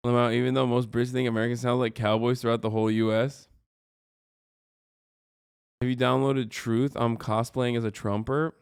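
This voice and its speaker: A man's voice: medium pitch, little pitch movement, moderate pace, creaky, long pauses, smooth, dry recording, studio quality. A man hosting a casual reaction stream, talking in a blunt, profane and sarcastic way. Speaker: streamer host.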